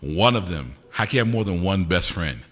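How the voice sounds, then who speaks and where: A man's voice: deep voice, expressive, fairly bright tone. A man, a poet performing live, bantering playfully with his audience between pieces, teasing them and asking their names. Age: older adult. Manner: teasing, quick-witted, asks audience names. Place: university concert venue with audience. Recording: live hall recording with long reverb.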